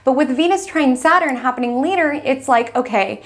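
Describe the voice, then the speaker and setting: A woman hosting a weekly astrology forecast, telling a scenario in second person with lively, expressive delivery. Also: sits high, brisk. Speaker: astrology host.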